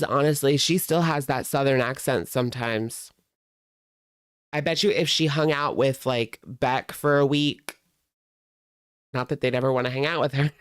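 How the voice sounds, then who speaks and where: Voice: mid-range voice, clear, resonant tone, no echo, clean studio sound. A commentary host in casual chat, sarcastic and exasperated, reacting to clips.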